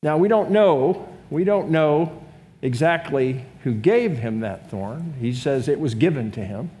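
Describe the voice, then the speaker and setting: A man's voice: on the high side, lively intonation, a little slow, mellow. A man preaching a sermon as pastor, in a conversational way, putting rhetorical questions to his congregation. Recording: long reverb of a large room.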